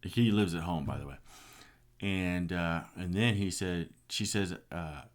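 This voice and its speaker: A man's voice: low-pitched, a little slow. A middle-aged man giving an earnest, passionate personal testimony. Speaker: speaker sharing a personal story.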